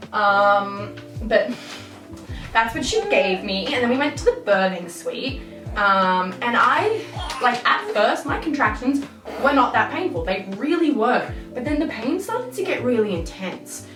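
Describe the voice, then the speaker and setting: A woman's voice: medium pitch, recorded from a distance. Young woman, storytime vlog, candid, exasperated, roomy echo, off-mic. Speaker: vlogger.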